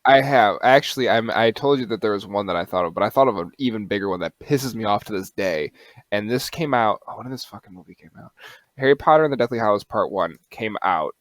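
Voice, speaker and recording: A young man with a fairly low voice talks animatedly as a podcast co-host, swearing freely and breaking into laughs. The sound is dry and close, with no room around it. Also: lively intonation, fast talker, a bit bright, no room sound. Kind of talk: casual chat.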